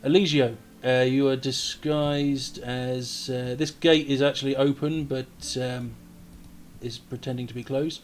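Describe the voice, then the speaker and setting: A man acting as game master, narrating a tabletop game on a live stream in a halting way with many fillers. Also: medium pitch, fairly even intonation, slight background noise.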